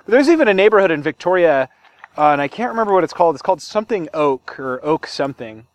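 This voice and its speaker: A man's voice: fairly high pitch, sing-song, quick pace, dull audio. A man co-hosting a casual podcast chat, rambling loosely and laughing often. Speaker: podcast co-host.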